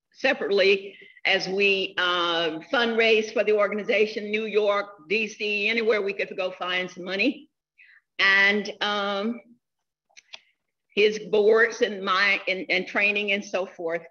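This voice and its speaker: A woman in her sixties giving a funeral eulogy, telling stories in a slow, heartfelt way. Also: medium pitch, pushed and bright, dull audio. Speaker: eulogy speaker.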